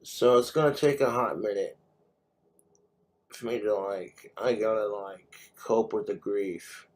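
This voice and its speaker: A man's voice: lowish voice, steady tone, measured pace. A man vlogging in a rambling, profane rant while he has been drinking. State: drinking, tipsy.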